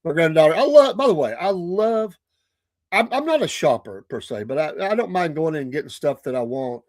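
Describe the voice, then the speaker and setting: A man's voice: on the high side, brisk, no echo. An older man with a Southern US accent, hosting a podcast and telling a rambling, chuckling story in casual chat. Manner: animated, chuckling, rambling with restarts. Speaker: podcast host.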